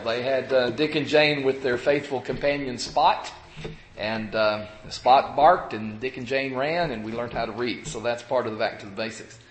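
A man's voice: medium pitch, reverberant. Man in his fifties preaching with a cold. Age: 50s. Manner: halting, many fillers and restarts, folksy. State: recovering from a cold, talking around a cough drop. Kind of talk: evening sermon to a congregation. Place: church sanctuary. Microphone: pulpit microphone.

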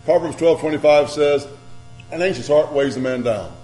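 High-voiced preacher in an echoey hall. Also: male voice, moderate pace, faint music behind. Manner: dramatic, swings between loud emphasis and quiet reading. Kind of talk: sermon. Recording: echoey room with mains hum.

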